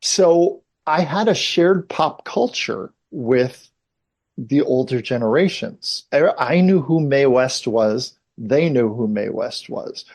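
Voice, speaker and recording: A man's voice: medium pitch, lively intonation, slow pace, a little mellow. A man in his fifties, an actor being interviewed, telling long anecdotes in a casual, chatty way full of asides. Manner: rambling anecdotal storyteller, many asides.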